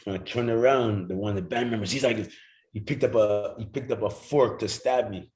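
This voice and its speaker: A man's voice: on the low side, fairly even intonation, a little fast, darkish tone, poor audio. A middle-aged man from Jamaica, a former football player, telling casual stories as a guest, acting out other people's lines, swearing freely and laughing often. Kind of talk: casual storytelling.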